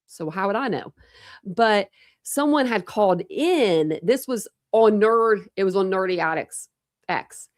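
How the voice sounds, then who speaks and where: A woman's voice: mid-range voice, expressive, a little slow, no echo, studio quality. A woman hosting a casual true crime livestream, rambling chattily with lots of fillers and restarts.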